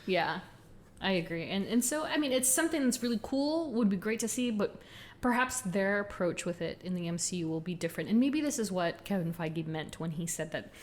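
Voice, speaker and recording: A woman co-hosting a podcast in casual chat, chatty and quick to laugh as she runs through details. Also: medium pitch, animated. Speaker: podcast co-host.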